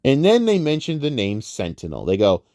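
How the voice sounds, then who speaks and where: A man's voice: mid-range voice, moderate pace, dry recording, studio quality. A man giving a casual, profane, rambling film review rant. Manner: profane, rambling, animated ranting. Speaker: movie reviewer.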